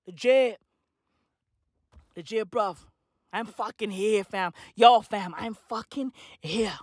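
A vlogger ranting to camera in a slangy, profanity-filled comedic monologue, repeating "bruv" and "fam," with a voice going hoarse. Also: medium pitch, a little slow, no echo, clean studio sound. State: losing their voice, hoarse.

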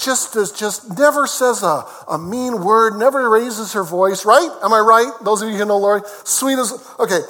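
A man's voice: high voice, fairly bright tone. A man preaching a sermon as pastor, emphatic, repeating key phrases and turning to chat with the congregation. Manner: conversational asides to the congregation. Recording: long reverb of a large hall.

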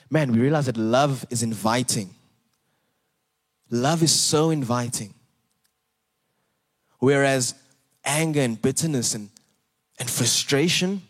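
A young pastor with a mid-range voice preaches a sermon in an earnest, animated way, repeating words and rising for emphasis.

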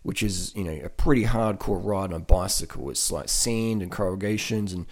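A man's voice: low voice, normal speed, darkish tone. A man with an Australian accent talking casually and motivationally, often repeating words and laughing. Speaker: vegan cycling advocate.

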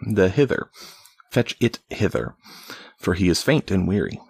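Robin Hood, an honorable outlaw chief from an old storybook, speaks in slow, measured archaic phrases, as a man reads him aloud. His voice is low and husky, close and dry. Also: sing-song, darkish tone, no echo, full character voice.

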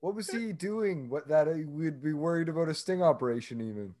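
A young man co-hosting a podcast, chiming in with quick questions and laughter. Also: fairly high pitch, expressive, warm tone. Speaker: podcast co-host. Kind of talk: casual podcast chat.

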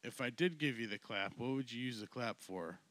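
A man's voice: medium pitch, normal speed, background noise, lightly acted. A man voicing a male doctor in a told joke, firm and questioning. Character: patient male doctor, stern then curious.

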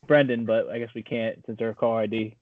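A man co-hosting a casual podcast, telling a prank story with lively acted-out voices over an online call. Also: lowish voice, fairly quick, dry recording. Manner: animated storyteller, acts out voices. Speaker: podcast co-host. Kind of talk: casual chat. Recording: tinny phone-like call audio.

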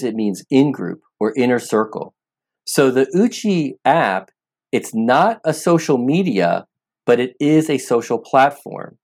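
A man's voice: mid-range voice, a little mellow. A man being interviewed as an app founder, talking earnestly and with emphasis, often repeating words as he starts a thought. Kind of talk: interview conversation.

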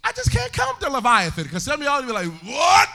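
A male pastor preaching a sermon in a church, swinging into sung and shouted climaxes. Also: very high voice, wildly swooping pitch, quick pace, gravelly.

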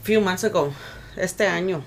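A woman co-hosting a podcast from Mexico tells a story in casual chat, her lowish voice moving at a moderate pace over a little hiss or hum. She switches between English and Spanish and swears freely.

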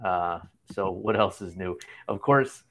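A man's voice: low voice, a little slow, a bit bright. A man in his thirties hosting a casual chat show from a hotel room, rambling and laughing often. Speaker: podcast host.

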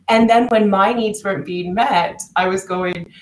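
As a podcast guest, a coach who works with clients shares personal stories in a mid-range voice at a measured pace. Her style is chatty, with frequent restarts and quoted lines delivered in character. Audio is poor, reverberant, and carries a little hiss or hum.

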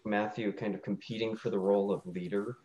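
A man's voice: fairly low pitch, steady tone, brisk, heavy background noise. A man in a tabletop role-play discussion, speculating about where the story could go. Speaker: player. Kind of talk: casual tabletop game discussion.

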